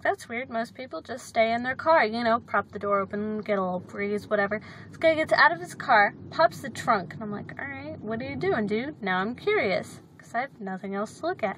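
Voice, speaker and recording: A woman's voice: fairly high pitch, pushed and bright, rough recording. A woman vlogging from her parked car into her phone, chatting in a rambling, sarcastic way. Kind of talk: casual chat.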